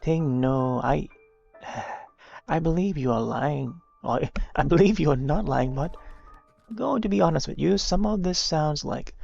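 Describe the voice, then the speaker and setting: A streamer voicing a worried mother in a game, speaking softly and coaxingly. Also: mid-range voice, lively intonation, unhurried, creaky, lo-fi sound, soft background music. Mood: soothing. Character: gentle worried mother, soft and soothing.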